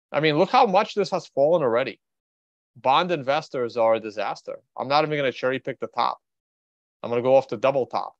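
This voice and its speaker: Speaking at a medium pitch, a Russian man who trades and hosts a laid-back market livestream muses out loud, blunt and offhand as he rambles. The audio is dry and a little dull.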